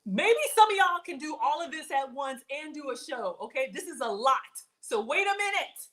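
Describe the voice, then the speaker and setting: Woman cooking on a livestream, kinda high voice, says y'all a lot, keeps telling herself to focus. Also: sing-song, normal speed, a bit bright, low-quality recording. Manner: chatty, talks to viewers as y'all. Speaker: cooking show host.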